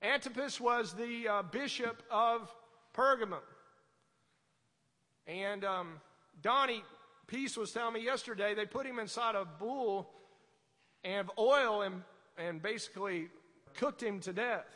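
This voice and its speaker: High bright preacher guy getting fired up, sermon in a big echoey church. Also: a little slow, pauses often. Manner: fervent, swings from low asides to loud exhortation. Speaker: pastor.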